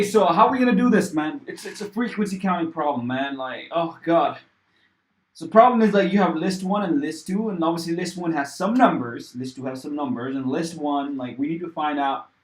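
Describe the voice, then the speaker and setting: Young man, livestream coder, rambling, swears a lot, slightly high voice, echoey room. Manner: casual, rambling, swears often, talks to chat. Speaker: livestreaming programmer. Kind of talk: thinking aloud while coding on a livestream. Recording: roomy echo.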